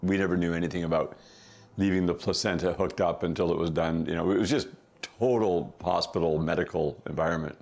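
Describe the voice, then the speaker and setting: A middle-aged man casually telling a family story as a podcast guest, chuckling often and throwing in quick asides. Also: low-pitched, steady tone, vocal fry, darkish tone.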